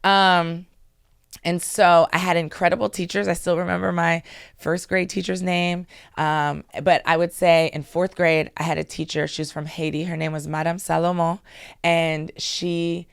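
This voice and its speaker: A woman in her thirties from Maryland, telling stories in a lively, animated way as an interview guest. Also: on the low side, moderate pace, gravelly, clean tone, no room sound, studio quality. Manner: lively, animated storytelling with asides. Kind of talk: casual storytelling.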